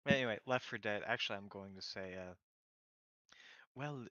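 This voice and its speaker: A man's voice: lowish voice, fast, fairly bright tone, no echo, dull audio. A man playing a tabletop game, talking casually and joking with the group. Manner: joking, casual player talk. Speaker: player.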